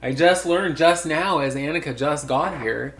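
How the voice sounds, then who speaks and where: A man in his sixties hosting a casual podcast chat, telling stories with animated asides. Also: a little high, measured pace, vocal fry, slight background noise. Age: 60s. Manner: chatty, storytelling, animated asides. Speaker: podcast host.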